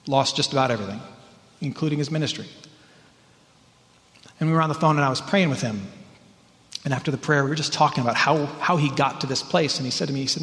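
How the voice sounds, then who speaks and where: A man preaching a sermon as pastor, earnest and emphatic, sometimes rising in pitch and sometimes dropping to a hush. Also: fast talker, long pauses. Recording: church hall reverb.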